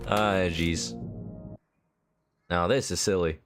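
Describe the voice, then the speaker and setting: A man's voice: lowish voice, animated, moderate pace, pauses often, over music. A male game streamer reading game text aloud and joking, slipping into a mock southern drawl.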